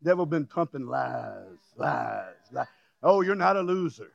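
High-voiced, gravelly preacher man. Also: expressive, moderate pace. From Louisiana. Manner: emphatic preaching, bursts of shouting, jokey asides and chuckles. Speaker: pastor. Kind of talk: sermon.

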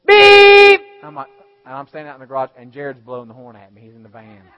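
A male pastor preaching a sermon, swinging between loud exhortation and hushed storytelling. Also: medium pitch, very fast. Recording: dull lo-fi sound.

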